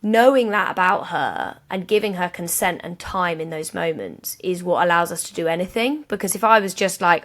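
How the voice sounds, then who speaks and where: A woman co-hosting a casual podcast chat, animated and acting out little quoted voices as she explains. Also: lowish voice, moderate pace, few pauses. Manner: animated, acts out horse and people voices in quotes. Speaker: podcast co-host.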